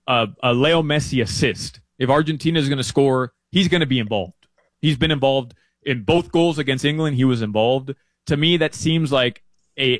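A man talking casually as a soccer betting analyst, chatty and prone to jumping up in pitch when excited. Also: dry recording. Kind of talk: casual sports betting chat.

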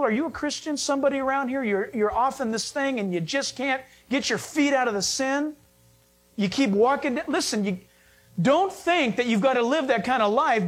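A middle-aged male pastor delivers a sermon in a high, ringing voice. He preaches with animated conviction, firing rhetorical questions at his congregation and breaking into jokes. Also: fairly quick.

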